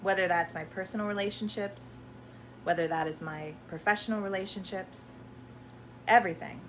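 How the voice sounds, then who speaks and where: A woman's voice: medium pitch, steady tone, normal speed, background noise. A woman hosting a live question-and-answer stream, talking casually and rambling with many fillers and restarts.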